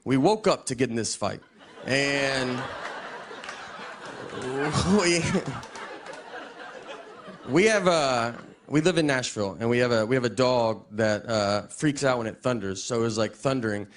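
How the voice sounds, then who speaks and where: A middle-aged man doing a stand-up comedy set in a deadpan, halting style, with many restarts. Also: mid-range voice. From Tennessee. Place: live comedy venue. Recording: live set with crowd laughter and noise.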